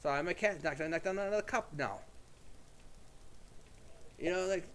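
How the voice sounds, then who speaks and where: A man's voice: high-pitched, moderate pace, fairly bright tone, slight background noise. A young man chatting casually at home, retelling an old tale in a rambling way with lots of fillers and restarts. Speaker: YouTube creator. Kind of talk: casual storytelling monologue.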